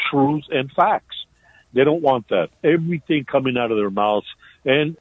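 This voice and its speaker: A man giving impassioned political commentary on radio, halting and full of fillers. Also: medium pitch, husky, no echo. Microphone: phone. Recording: tinny dry phone line.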